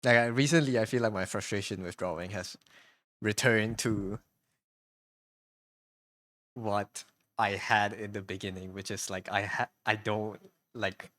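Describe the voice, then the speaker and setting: A man's voice: lowish voice, fairly even intonation, measured pace, long pauses, fairly bright tone, no echo. A man streaming live while he draws, talking casually in a hesitant, rambling way, full of restarts and repeated words. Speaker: streamer and artist.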